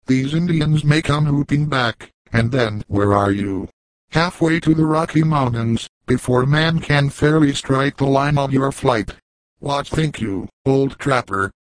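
A bold young frontiersman, read by a man narrating, joking and a little bitter, in a plain voice of middle pitch. The sound is dry and close. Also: no room sound, close to an everyday voice, poor audio. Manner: jocular, half bitter.

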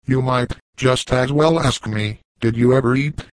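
A man's voice: mid-range voice, unhurried, no room sound, lightly acted, poor audio. A man voicing a young frontier hunter who talks in a boastful, easygoing way.

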